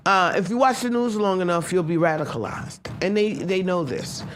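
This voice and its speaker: A woman's voice: on the low side, moderate pace, slight background noise. Blunt, annoyed woman podcast host. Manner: animated, talks back to chat, many restarts. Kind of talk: casual live-stream commentary.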